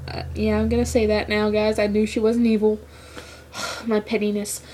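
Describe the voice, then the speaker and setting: A woman giving a casual episode review, rambling and excitable, with lots of "like" fillers. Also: medium pitch, moderate pace. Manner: rambling, excitable fan talk with many "like" fillers. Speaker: show reviewer.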